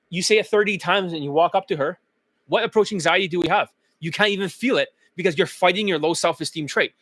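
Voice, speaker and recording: A man's voice: sits high, quick pace, fairly bright tone, no echo. Emphatic, profane male dating coach. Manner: emphatic, blunt and profane, chanting phrases over and over. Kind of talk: profane motivational coaching monologue.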